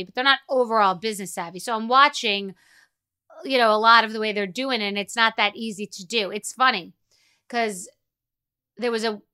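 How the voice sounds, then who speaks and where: A woman's voice: on the high side, pushed and bright, clean tone. A woman hosting her own podcast, talking in a blunt, profane, rambling monologue full of asides. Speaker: podcast host. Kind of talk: casual monologue.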